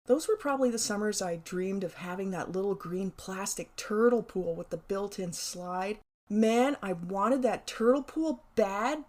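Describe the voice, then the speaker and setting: A woman's voice: medium pitch, a little mellow. A middle-aged woman reading her own childhood memoir aloud, wry and playful. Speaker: memoir narrator.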